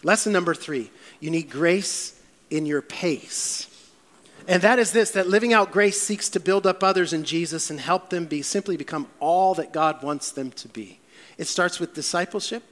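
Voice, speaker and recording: A male pastor preaches in a church, his voice sitting high for a man. He tells stories with animated, acted-out quotes, and a long reverb trails off every phrase. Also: normal speed. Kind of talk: sermon.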